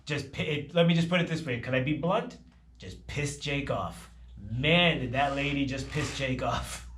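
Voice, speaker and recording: A man hosting a morning radio live stream, animated and fast-talking as he greets viewers in a casual chat. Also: medium pitch, echoey room, slight background noise. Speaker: radio show host.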